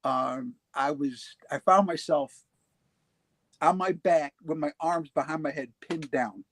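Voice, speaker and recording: A man in his forties casually telling his own ghost encounters, halting and restarting often, laughing easily. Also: a little high, dry recording. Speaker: paranormal show guest telling his experiences. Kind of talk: casual storytelling.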